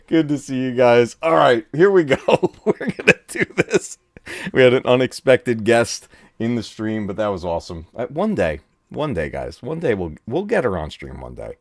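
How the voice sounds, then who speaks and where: Gaming streamer, male, lively delivery, dry close-miked sound, chatty and excitable. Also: mid-range voice, normal speed, dry recording. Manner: excitable, laughs often, talks to chat. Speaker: gaming channel host. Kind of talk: casual live-stream chat. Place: home room.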